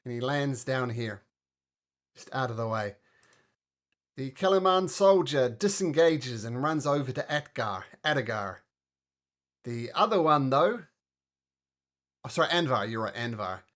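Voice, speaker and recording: A man running a tabletop game as game master, chatty and cheerful, with bursts of excitement when the dice go well. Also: medium pitch, a little slow, long pauses.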